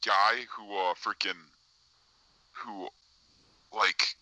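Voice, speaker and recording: A young man talking casually as an interview guest, hesitant and halting, full of fillers and repeats. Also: on the low side, fairly even intonation, bright, forceful tone, dry recording, low-quality recording. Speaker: guest claiming to be a time traveler. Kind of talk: casual live-stream interview.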